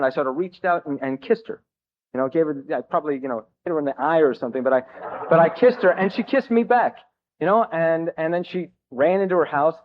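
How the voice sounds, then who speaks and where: A man's voice: mid-range voice, narrow, tinny audio. Joking man on a thin old tape. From New Jersey, US. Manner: halting, self-mocking, joking. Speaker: speaker at a recovery meeting. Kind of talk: personal recovery story told to a crowd.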